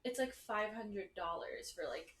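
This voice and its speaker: A woman's voice: medium pitch, sing-song, a little slow, fairly bright tone, roomy sound. A woman playing a tabletop game, chatting casually. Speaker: player.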